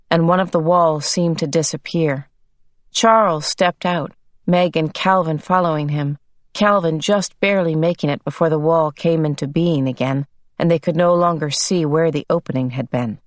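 A woman narrating a novel aloud in a measured, unhurried reading. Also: sits low, no room sound. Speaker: audiobook narrator. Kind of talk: scripted narration.

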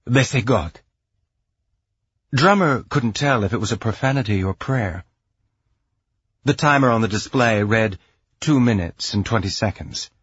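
A man narrating a science fiction audiobook in a measured, even storytelling voice. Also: fairly low pitch, husky, no echo, highs cut off. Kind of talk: scripted narration.

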